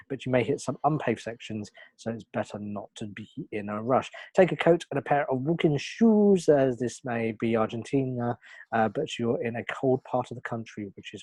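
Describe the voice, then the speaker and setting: A man co-hosting a podcast, reading a scenic-drive write-up aloud. His reading is halting, with pauses and hesitations over unfamiliar place names. The recording is close and dry, with almost no room sound. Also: mid-range voice, a little mellow, breathy edge, no echo. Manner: halting, many "uh" fillers when reading. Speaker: podcast co-host. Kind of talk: reading a travel write-up in casual chat.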